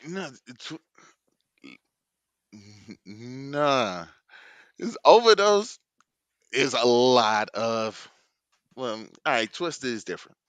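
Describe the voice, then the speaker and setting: A man's voice: medium pitch, lively intonation, drawn-out words, pauses often, fairly bright tone, clear, resonant tone, no echo. A man co-hosting a podcast, insistently arguing about rap lyrics, often restarting mid-thought and swearing. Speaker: podcast co-host.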